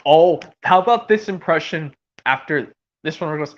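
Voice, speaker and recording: A woman's voice: deep voice, expressive, normal speed. A woman chatting casually and rambling with enthusiasm between voice impressions. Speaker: streamer doing voice impressions. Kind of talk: casual chat. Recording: dull lo-fi audio.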